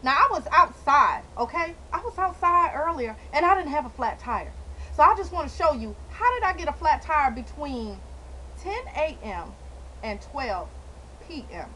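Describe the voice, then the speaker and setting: A young woman vlogging outdoors on a handheld camera, ranting with loud outbursts and dramatic repetition. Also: high voice, very animated, normal speed, slight background noise, rough recording. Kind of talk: animated comic vlog rant. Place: outdoors by a car.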